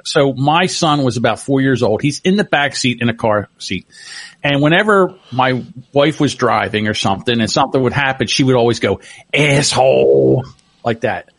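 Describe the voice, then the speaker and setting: A man's voice: mid-range voice, animated, moderate pace, fairly bright tone, dry recording. A middle-aged man telling stories in casual chat, laughing often.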